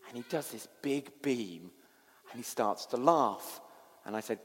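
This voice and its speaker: A man preaching a sermon as pastor, telling a story that swings between hushed and animated. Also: on the low side, moderate pace, big-room sound.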